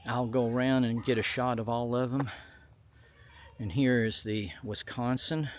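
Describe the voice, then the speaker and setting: A man's voice: medium pitch, fairly even intonation, a little slow, a little hiss or hum. A man narrating an outdoor history tour, reading plaques aloud in a folksy way with fillers. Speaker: vlogger touring historic sites. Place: outdoors at a memorial site on a hot day.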